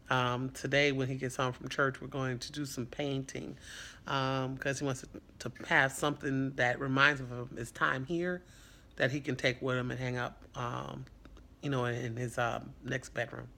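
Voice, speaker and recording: A man's voice: mid-range voice, pushed and bright. A man who is a foster parent, talking in an earnest, reflective and rambling way in a casual vlog.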